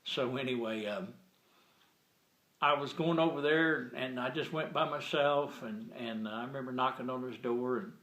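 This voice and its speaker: A man shares his faith story in a loose, rambling way, full of fillers and restarts. He retells conversations line by line with constant "he said, I said." His voice sits at an ordinary pitch, and the recording carries a roomy echo. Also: moderate pace, a bit bright. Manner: retells dialogue with frequent "he said, I said". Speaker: Christian sharing a testimony. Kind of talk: casual spoken storytelling.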